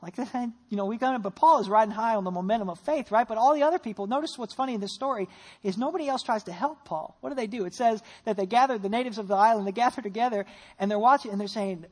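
Preaching in church at a quick pace, a pastor tells a story punctuated by animated rhetorical questions. For prayer, his voice goes soft and low.

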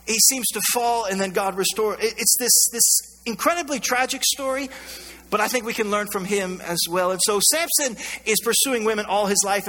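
A male pastor preaches in a loose, conversational style, cracking jokes as he tells the story. His voice sits high and sounds bright and forceful. It echoes with a long reverb through a church hall. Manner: conversational, joking, animated storytelling. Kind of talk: sermon.

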